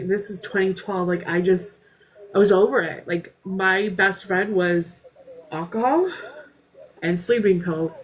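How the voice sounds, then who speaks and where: Halting, flat-voiced woman sharing her story. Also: medium pitch, low-quality recording. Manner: halting, frequent fillers and restarts. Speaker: podcast panel guest. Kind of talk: candid personal storytelling.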